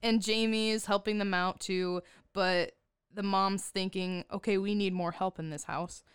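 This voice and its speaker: A woman's voice: medium pitch, fairly even intonation, measured pace, clean tone, dry recording, studio quality. A woman co-hosting a podcast, casually recapping a movie and laughing often. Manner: giggly, chatty, laughs often. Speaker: podcast co-host.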